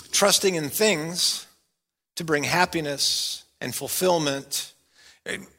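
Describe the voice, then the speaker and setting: Animated, bright-voiced male pastor preaching. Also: sits high. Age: middle-aged. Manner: animated, swings from loud playful bits to quiet earnest asides. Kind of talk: sermon.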